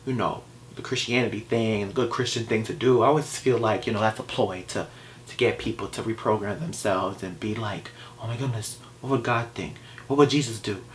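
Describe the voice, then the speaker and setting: A man's voice: fairly low pitch, a little hiss or hum. A man talking straight to camera in a vlog, passionate and exasperated, firing off rhetorical questions. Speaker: vlogger. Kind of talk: opinion vlog rant.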